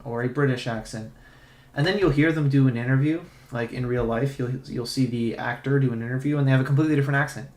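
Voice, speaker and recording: A young man streaming, giving casual, profane and sarcastic commentary in a ranting tone. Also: mid-range voice. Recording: roomy echo.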